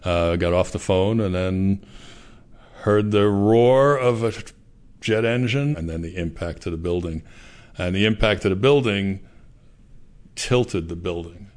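A man being interviewed, recounting a personal experience in a measured, reflective way. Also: sits low, a little mellow.

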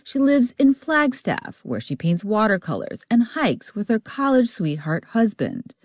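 A woman radio correspondent reading a scripted news report in a measured, expressive way. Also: fairly high pitch, no echo.

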